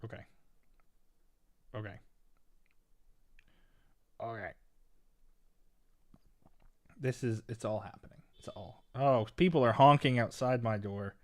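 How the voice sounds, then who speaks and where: A young man from Canada, chatting casually as he streams chess, rambling and swinging between low mumbles and loud exasperated bursts. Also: slow, pauses often, dry recording. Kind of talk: casual live-stream chat.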